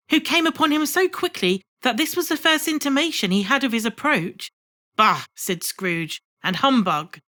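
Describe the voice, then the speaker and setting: Expressive woman narrating a storybook. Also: medium pitch. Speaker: audiobook narrator. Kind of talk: scripted narration.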